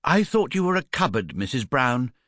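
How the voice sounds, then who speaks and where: A man's voice: high voice, expressive, measured pace, pushed and bright, dry recording, studio quality, voice pushed up, exaggerated voice. A man doing Paddington, a flustered little bear. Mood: earnest. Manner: muffled, stammering. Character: polite young male bear, earnest and flustered.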